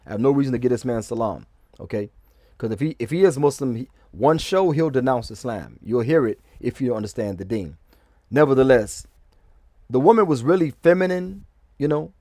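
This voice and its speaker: A man's voice: medium pitch, lively intonation, a little fast, darkish tone, no echo, studio quality. A man giving rambling casual commentary, restarting sentences and often checking "okay?". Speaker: vlogger.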